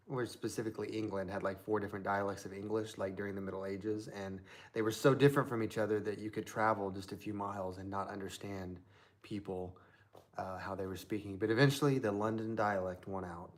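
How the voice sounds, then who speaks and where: A man's voice: fairly low pitch, steady tone, brisk. A man from Southern Indiana hosting a live stream, chatting casually in a rambling way with lots of fillers.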